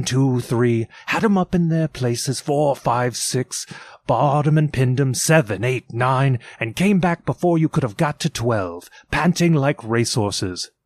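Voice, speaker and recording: Man, audiobook narration, theatrical, animated pitch, dry close sound. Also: dry recording. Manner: expressive, theatrical storytelling. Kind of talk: dramatic audiobook reading.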